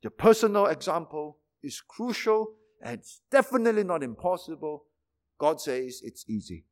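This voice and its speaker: A man's voice: fairly high pitch, animated, moderate pace. A man preaching a sermon emphatically, with repeated phrases and rhetorical questions.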